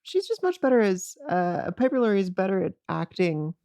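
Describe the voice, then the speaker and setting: A woman's voice: medium pitch, sing-song, mellow, dry recording. Giggly woman podcast co-host, dry mic. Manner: giggly, quick reactions, joking. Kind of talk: casual chat recapping a TV episode.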